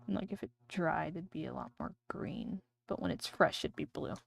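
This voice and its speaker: A woman's voice: deep voice, moderate pace, creaky. A woman streamer chatting casually and rambling while she draws on a livestream. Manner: chatty, rambling, thinking aloud.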